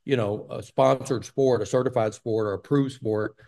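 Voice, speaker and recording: A man's voice: mid-range voice, steady tone, normal speed, vocal fry, mellow. An older man from Texas, a guest in an interview, telling long stories with many fillers. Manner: rambling storyteller with many fillers. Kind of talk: casual storytelling interview.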